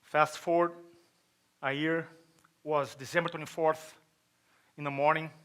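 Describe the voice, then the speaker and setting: Speaking at a chiropractic event, this middle-aged man from Brazil delivers a motivational talk with a Brazilian Portuguese accent, recounting a personal story, performing quotes and questioning the crowd. His fairly high voice stays fairly flat in pitch, measured in pace, with a clean, fairly bright tone.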